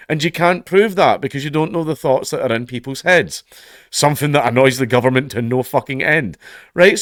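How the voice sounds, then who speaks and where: A man's voice: fairly high pitch, no echo, clean studio sound. A Scottish man reading out news stories and adding sarcastic, profane remarks with laughing asides. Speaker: commentator.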